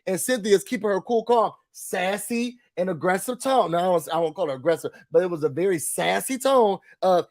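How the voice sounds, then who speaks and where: A man with a noticeably high voice, talking through a casual rant. He sounds emphatic and frustrated, and he keeps circling back to say the same points again. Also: expressive, brisk, few pauses, a little mellow. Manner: emphatic, repeats his points, vents frustration. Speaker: YouTube reality TV commentator.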